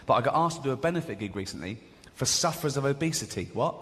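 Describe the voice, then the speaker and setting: A middle-aged English man in the middle of a stand-up set, sounding mocking and chatty and often tripping over his restarts. His voice sits at an ordinary male pitch and carries a long reverb from a large hall, with loud ambient noise heard all around. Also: expressive, fast talker. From England. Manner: conversational, mocking, stammering restarts. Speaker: stand-up comedian. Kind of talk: stand-up routine. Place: large theatre stage. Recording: live hall with loud crowd. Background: loud audience laughter.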